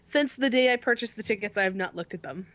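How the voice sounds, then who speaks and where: A woman's voice: medium pitch, fast, a bit bright, no room sound. A woman co-hosting a podcast in casual, chatty talk, often restarting her sentences. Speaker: podcast co-host. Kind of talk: casual chat.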